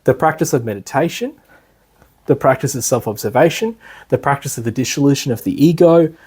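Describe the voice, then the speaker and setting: A man's voice: mid-range voice, fairly quick, a little mellow, husky. A man giving a class as an instructor, talking loosely with many fillers and restarts. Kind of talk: lecture.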